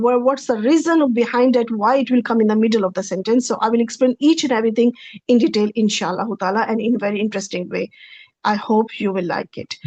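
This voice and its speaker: A woman with a fairly high voice talks through a grammar lesson from slides, patiently explaining, often restarting and repeating herself. The sound is dry and somewhat dull, as from a lo-fi recording with no room around it. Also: a little mellow, no echo. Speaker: Quranic Arabic teacher. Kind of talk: slide-based online lecture.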